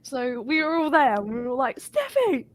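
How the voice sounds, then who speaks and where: A woman telling an animated, sweary story in a casual live chat. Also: sits high, brisk. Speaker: guest.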